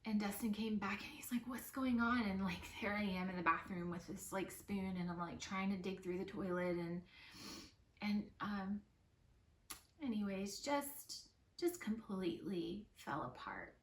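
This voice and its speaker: A young woman vlogger telling a personal story in a soft, tearful voice, with lots of filler words. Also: mid-range voice, steady tone, moderate pace. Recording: roomy, slightly distant mic with soft music.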